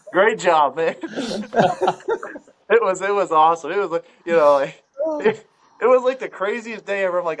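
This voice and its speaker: A man from Ohio telling a hunting story on a podcast in a loose, animated, laughing way, full of swearing and fillers. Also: a little high. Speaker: podcast guest. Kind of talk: casual storytelling.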